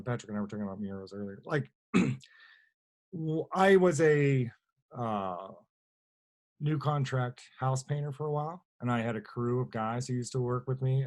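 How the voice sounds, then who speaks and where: A man's voice: mid-range voice, darkish tone. A man speaks in a plainspoken, rambling way over a video call, often stopping to correct himself. He is a guest artist answering questions on a webinar. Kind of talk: webinar talk.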